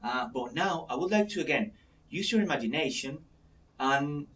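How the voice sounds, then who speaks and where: Man as a calm coach. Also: fairly high pitch. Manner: calm, slow guiding delivery. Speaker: mindset coach. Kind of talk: guided coaching exercise. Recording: voice from a distance to the mic, faint noise.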